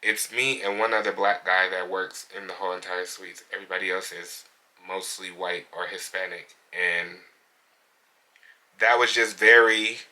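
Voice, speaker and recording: Bright-voiced man telling a story. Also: low-pitched, steady tone, moderate pace. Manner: candid, conversational, indignant retelling. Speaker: hairstylist and salon owner. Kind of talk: casual storytime vlog.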